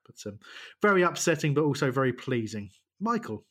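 A man co-hosting a casual football podcast, sarcastic and quick to laugh. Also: mid-range voice, big pitch swings, fairly bright tone. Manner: jokey, sarcastic, laughs often. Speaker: podcast co-host.

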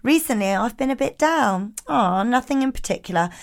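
A woman in her thirties co-hosting a casual podcast, animated and laughing as she reads listener messages. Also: fairly high pitch, normal speed. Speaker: podcast co-host. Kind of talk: casual chat.

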